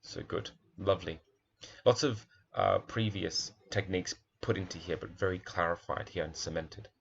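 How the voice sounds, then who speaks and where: A man's voice: low voice, normal speed, creaky, highs cut off, a little hiss or hum. A man, a primary school teacher, talks thoughtfully through a picture book, admiring its pages and asking questions aloud.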